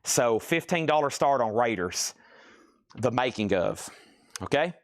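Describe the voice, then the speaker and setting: A man's voice: mid-range voice, lively intonation, measured pace. Man, mid-range voice, live-stream auction host; joking patter, rattles off prices and bids, a bit winded. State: out of breath.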